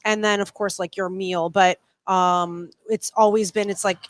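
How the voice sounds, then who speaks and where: A woman's voice: mid-range voice, steady tone, measured pace, a little hiss or hum. A woman who owns a restaurant, chatting bubbly as a guest, with lots of "like" and "um". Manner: bubbly, fillers with like and um, laughs easily. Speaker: restaurant owner. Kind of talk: casual chat as a guest.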